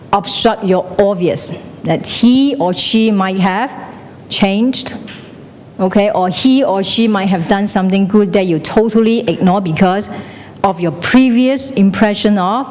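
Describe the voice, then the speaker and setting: A woman teaching a class, chatty, often checking in with "okay?" and slipping into Chinese phrases. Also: a little mellow. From Malaysia. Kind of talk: classroom lecture. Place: classroom hall. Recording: echoey hall with faint rumble.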